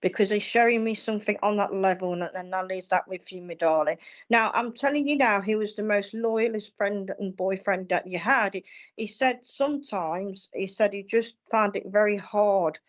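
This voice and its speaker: Woman medium, reassuring, affectionate, mid-pitched voice, slightly dull audio. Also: moderate pace. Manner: warm, reassuring, calls people darling and lovely. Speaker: psychic medium. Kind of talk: live-streamed mediumship readings.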